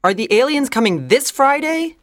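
A woman reading aloud and voicing a bold, cheerful teenage schoolgirl with bright, excitable delivery. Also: high voice, moderate pace, dry recording, studio quality, voice pushed up. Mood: lively.

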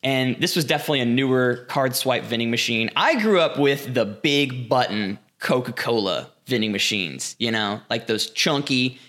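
A man's voice: medium pitch, animated, moderate pace, few pauses, fairly bright tone. A man co-hosting a podcast, explaining things in a chatty, casual way. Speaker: podcast co-host. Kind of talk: casual chat.

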